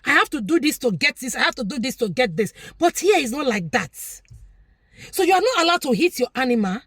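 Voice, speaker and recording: A woman's voice: high voice, sing-song, brisk, a bit bright, breathy edge, no echo, clean studio sound. A Nigerian woman vlogger giving an opinionated, preachy commentary, repeating her points for emphasis.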